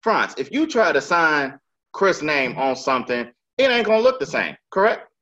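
Animated, profane man telling a story. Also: a little high, normal speed, muffled recording. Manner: animated, profane, emphatic street slang. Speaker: podcast host. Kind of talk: casual storytelling chat.

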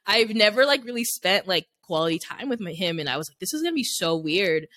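A woman's voice: mid-range voice, animated, brisk, few pauses, fairly bright tone, dry recording. Rambling young woman, dry close mic. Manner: rambling, heavy use of "like" fillers; candid and open, sharing personal stories. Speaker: podcast co-host. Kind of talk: casual chat.

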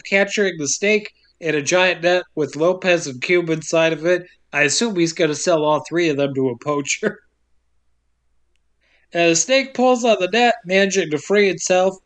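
A man casually recapping a film's plot for a podcast, with wry asides and frequent chuckles. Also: high voice. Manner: wry, deadpan storytelling with frequent laughs and silly asides. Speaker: podcast co-host recapping a film.

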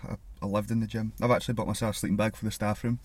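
A man's voice: lowish voice, level tone, very fast, darkish tone, dry recording. A man co-hosting a podcast, trading crude, jokey banter. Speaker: podcast co-host, personal trainer. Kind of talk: casual chat.

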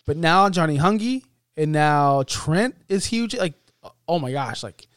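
An excitable man chatting on a podcast, his voice smooth and resonant and a little higher than most. He rambles through fillers on a close, dry mic. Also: a little slow, no echo. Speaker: podcast co-host. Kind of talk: casual wrestling talk.

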